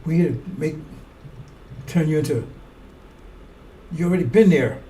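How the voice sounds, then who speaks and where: A man's voice: on the high side, unhurried, warm tone. A man preaching a rambling, fiery sermon in a blunt, profane way. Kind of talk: fiery street-style sermon. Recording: distant mic with faint noise.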